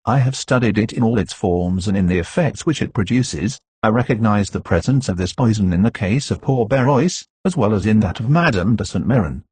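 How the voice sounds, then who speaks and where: A grave doctor lays out his case in firm, measured words, as a male narrator voices him. The voice sits low and husky, steady and insistent. The sound is dry and close. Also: dry recording.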